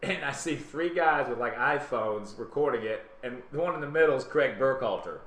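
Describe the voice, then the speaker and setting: A man with a Southern US accent hosting a live web talk show, telling a story in a casual, animated way and acting out other people's lines. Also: mid-range voice, normal speed. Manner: animated, acts out quotes in other voices. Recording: roomy webcam stream with faint hiss.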